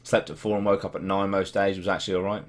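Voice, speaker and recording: A young man with a Norwich accent and a low, deep voice chats on a live stream. He reads out viewers' comments in laddish banter and swears freely. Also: fairly even intonation, fast. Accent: English, Norwich. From Norwich, England. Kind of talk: casual live-stream chat reading comments.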